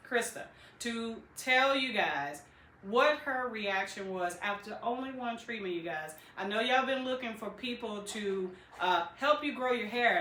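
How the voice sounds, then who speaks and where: A woman's voice: medium pitch, sharp tone, a little hiss or hum. A woman who runs a hair clinic, hosting a client testimonial and speaking directly to viewers in an upbeat, promotional way. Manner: upbeat, direct, keeps addressing viewers with "listen" and "you guys". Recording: echoey room.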